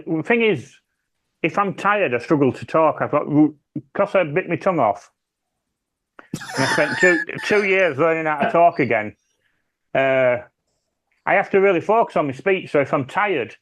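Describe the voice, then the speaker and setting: British man, casual chat, rambling, restarts sentences, fairly high pitch. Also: a bit bright. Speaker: podcast panelist.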